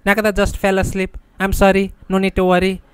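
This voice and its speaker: Guy reading, doing a sweet polite old man voice, kinda high, says sorry a lot, storybook reading. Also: monotone, quick pace, clean tone, close to an everyday voice. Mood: apologetic. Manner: formal and apologetic. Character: gentle, polite old man, speaks of himself by name.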